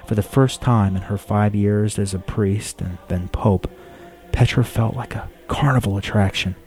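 A man reading a novel aloud in a steady storytelling manner. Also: on the low side, normal speed, faint music behind. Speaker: audiobook narrator. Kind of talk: scripted narration.

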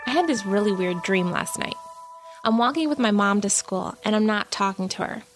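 A woman's voice: mid-range voice, lively intonation, normal speed, over music, close to an everyday voice. A woman voicing a sulky young girl, grumbling. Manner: chatty, grumbling, self-conscious. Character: sulky young girl narrating her day. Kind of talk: first-person story reading.

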